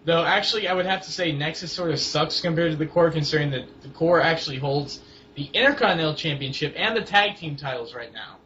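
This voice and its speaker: A young man co-hosting a casual wrestling chat, rambling and halting, with lots of fillers and restarts. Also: on the high side, expressive, fairly bright tone. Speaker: co-host of a wrestling blog. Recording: dull lo-fi home recording with faint hiss.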